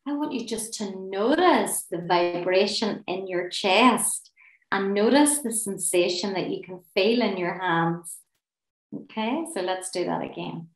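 A woman's voice: medium pitch, unhurried, roomy sound, rough recording. A woman leading a guided laughter and relaxation class, playful and encouraging, often giggling between instructions. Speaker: laughter and relaxation session leader.

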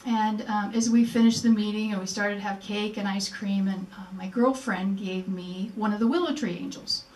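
In a museum presentation room, an older woman delivers an earnest personal speech at a memorial event, voicing the remembered dialogue in her story. Her voice is medium-pitched, a little mellow, with fairly even intonation and a moderate pace. The recording is echoey, with the mic placed far away.

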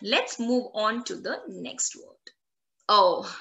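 A woman teaching a French lesson online, repeating each word slowly so learners can copy it. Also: mid-range voice, animated, gravelly, sharp tone. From India.

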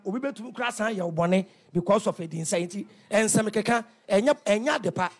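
High raspy Ghanaian man preaching loudly. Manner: animated, sing-song and shouting, acts out market scenes. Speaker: radio talk show host. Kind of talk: lively preaching on radio, mixing local language with English. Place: radio studio.

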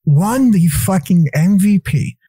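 A man talks as a podcast guest in loose, rambling, profanity-laced stories, laughing as he goes. His voice is dark and mellow. The sound is dry and close, with little room in it. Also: high-pitched, breathy edge, no room sound. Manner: excitable, quick to laugh. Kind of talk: casual chat.

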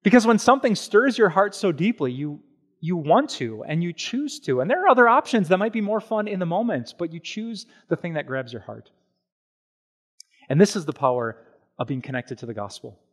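A man preaching a sermon as pastor, animated and conversational, with slow, hushed stretches on solemn points. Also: sits high, breathy edge. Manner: animated and conversational, with everyday examples and quick asides.

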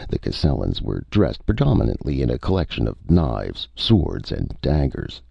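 A man reading a science fiction audiobook in a measured, expressive way. His voice is extremely deep and gravelly with a husky grain, lively in pitch. The recording is dry and dull, like lo-fi audio. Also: dry recording. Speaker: narrator. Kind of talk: audiobook narration.

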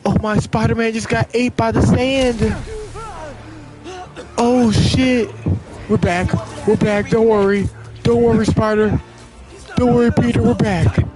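A young man streaming a video game, reacting with loud excited exclamations and profane trash talk at the enemies. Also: very high-pitched, measured pace, pauses often, poor audio. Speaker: gaming streamer. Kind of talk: live gameplay commentary. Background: loud game music.

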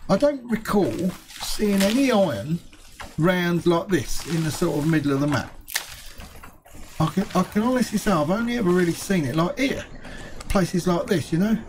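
Male game host, casual running commentary, higher-pitched, mild swearing; noisy mix. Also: lively intonation, normal speed. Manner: chatty, muttering to himself, swears lightly. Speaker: gaming video host.

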